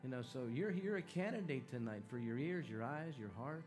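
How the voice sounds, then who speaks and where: Over worship music in a church sanctuary, a man preaches at a healing meeting he leads as evangelist, calling out to the crowd in a folksy, urging manner and drawing call-and-response. He sounds animated and brisk, at medium pitch with a darkish tone.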